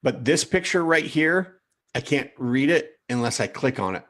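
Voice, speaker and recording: A man coaching in a live training session, reviewing profiles aloud in an animated way, repeating himself and calling viewers by name. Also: mid-range voice, moderate pace.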